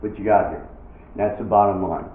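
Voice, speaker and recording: In an echoey, lo-fi recording that sounds like it was shot on a phone, a middle-aged comic performs outdoors for a live audience. His voice is fairly low, fairly even, and at normal speed, with punchy delivery and acted-out voices for the characters in his jokes.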